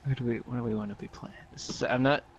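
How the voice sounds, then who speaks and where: A man's voice: steady tone, quick pace, creaky, muffled recording, a little hiss or hum. A young man telling a rambling, silly story over gameplay, giggling and acting out the characters in dramatic voices. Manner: giggly, acts out dialogue in squeaky dramatic voices. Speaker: gameplay commentator. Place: at home with parents nearby.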